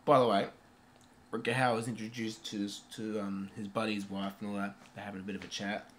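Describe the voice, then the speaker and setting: A man giving a casual, rambling movie review, swearing freely and filling pauses with um and uh. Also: on the low side, flat delivery, a little hiss or hum.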